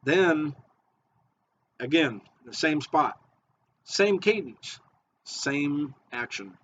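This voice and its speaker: An excitable man walks through his fishing tips in a casual how-to video, repeating himself as he gets going. His voice sits slightly high for a man. The audio is dull and muffled. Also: extremely slow, pauses often, a little hiss or hum. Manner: excitable, repetitive, eager. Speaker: fishing bait maker and charter guide.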